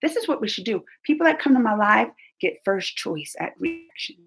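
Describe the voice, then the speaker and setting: A woman's voice: medium pitch, very animated, normal speed, fairly bright tone. A woman hosting her own reaction channel, chatting casually with viewers during a live stream, gushing and laughing often. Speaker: YouTube reaction channel host.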